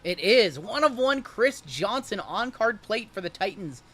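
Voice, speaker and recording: Upbeat high-voiced man hosting card breaks. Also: big pitch swings, measured pace, pushed and bright. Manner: jokey, upbeat banter. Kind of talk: livestream card-opening commentary.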